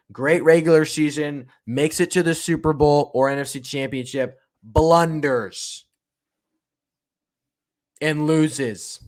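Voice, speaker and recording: A young man hosting a solo sports podcast, talking in an emphatic, fired-up way and hammering the same points again and again. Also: fairly high pitch. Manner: fired-up, emphatic, repeats himself. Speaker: podcast host.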